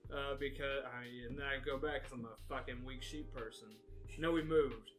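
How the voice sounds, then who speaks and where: Bright-voiced young man, swearing. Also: mid-range voice, steady tone, moderate pace, faint music behind. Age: young adult. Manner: laughing, swearing, quoting others. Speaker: podcast co-host. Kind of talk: casual storytelling chat.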